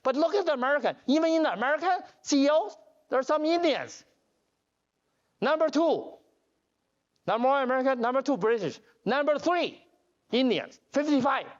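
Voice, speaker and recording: A man giving a joking conference keynote as a company CEO, telling animated stories with broken grammar and restarts. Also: extremely high pitch, normal speed, pauses often. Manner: animated storytelling with jokes; non-standard grammar, restarts. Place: conference hall. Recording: dull lo-fi conference audio.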